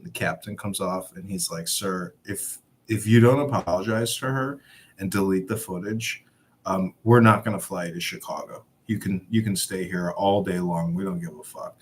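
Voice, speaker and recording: With slight background noise behind him, a low-pitched man talks at a moderate pace. He shares a rambling travel tale in casual chat, animatedly voicing the other people's quotes and laughing along.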